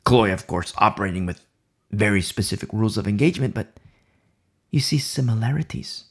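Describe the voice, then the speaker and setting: A man's voice: lowish voice, lively intonation, fairly quick, husky. A man preaching a Bible sermon, emphatic and repeating key phrases for emphasis.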